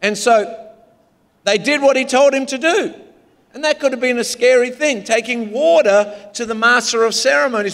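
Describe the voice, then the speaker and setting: A man's voice: extremely high pitch, moderate pace, vocal fry, a bit bright. A man with an Australian accent, a pastor preaching a humorous, story-filled sermon in a large church. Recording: long hall reverb.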